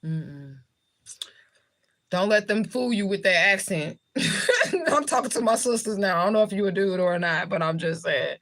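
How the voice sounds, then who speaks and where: Woman on a livestream, cussing a lot, blunt and jokey, laughs often, middle pitch. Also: animated, measured pace, long pauses, fairly bright tone. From United States. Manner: blunt, heavily profane, jokey with frequent laughter. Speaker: livestream host, spiritual reader. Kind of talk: casual livestream chat answering comments.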